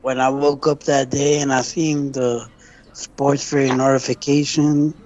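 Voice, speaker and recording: A man's voice: mid-range voice, level tone, unhurried, darkish tone, lo-fi sound. A man with a mid-range voice chats on a sports call-in stream. He is blunt and casual, tossing in swear words. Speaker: caller and moderator.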